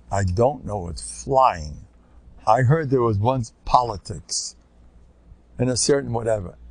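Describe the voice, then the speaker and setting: An older rabbi lectures in a gravelly voice that leaps from near-whispers to loud, high exclamations. His pitch swings widely and his delivery is lively and informal, sprinkled with Yiddish and Hebrew words. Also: no echo. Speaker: rabbi giving a Torah lecture.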